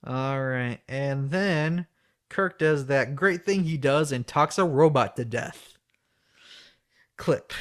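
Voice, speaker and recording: A man's voice: mid-range voice, slow. A man hosting a podcast, recapping an episode in a loose, joking way. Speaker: podcast host.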